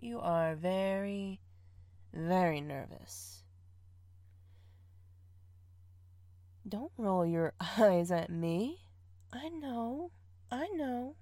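A woman's voice: mid-range voice, expressive, takes it slowly, mellow, no echo, clean studio sound. A young woman in an audio role-play, playing a bossy partner who teases, scolds and laughs often. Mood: soothing.

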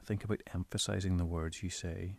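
A man in his bedroom giving casual spoken tips on voice recording, explaining in a relaxed, rambling way. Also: low voice, brisk, vocal fry, no echo. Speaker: audio creator giving tips. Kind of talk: casual instructional talk.

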